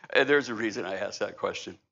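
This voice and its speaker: A man's voice: on the low side, gravelly, sharp tone. A middle-aged male pastor preaching a sermon in a church, conversational and humorous. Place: church sanctuary. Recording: slightly dull, lo-fi church recording.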